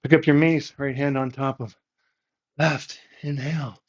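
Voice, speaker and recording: A man leading a yoga workout with calm, encouraging step-by-step cues. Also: mid-range voice, a little slow. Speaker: yoga instructor. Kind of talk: guided workout instruction. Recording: slightly muffled, lo-fi audio.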